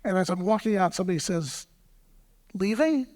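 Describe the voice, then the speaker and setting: A man with a high voice tells a collecting anecdote on a panel, clearing his throat now and then and trailing into fillers. His voice rings with the long reverb of a large hall. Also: moderate pace. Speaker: antiques dealer. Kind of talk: panel discussion storytelling.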